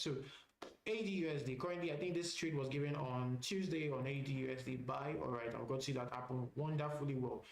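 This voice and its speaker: A man's voice: medium pitch, reverberant, rough recording. A man teaching a live trading session, talking through charts casually and often repeating phrases with "all right" fillers. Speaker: trading instructor.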